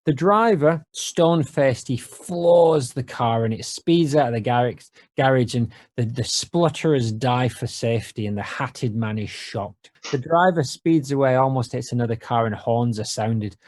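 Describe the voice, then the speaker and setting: A man co-hosts a casual podcast, narrating scenes with playful, deadpan wit. His voice sits in a middle register. The sound is close and dry, with no room around it. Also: medium pitch, unhurried, few pauses, no echo. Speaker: podcast co-host. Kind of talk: casual podcast chat, reading out scene descriptions.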